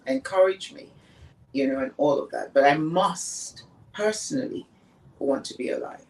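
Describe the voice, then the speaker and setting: A woman's voice: low voice, distant mic, low-quality recording. Earnest woman speaking slightly off-mic. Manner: earnest, emphatic, repeats for stress. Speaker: podcast guest. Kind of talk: reflective conversation on grief.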